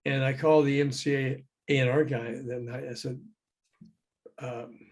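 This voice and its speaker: Brief: older male guest, former promo man, animated raconteur, medium pitch, video call audio. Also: normal speed. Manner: lively raconteur who acts out the people he quotes. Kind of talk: anecdotal storytelling on a call.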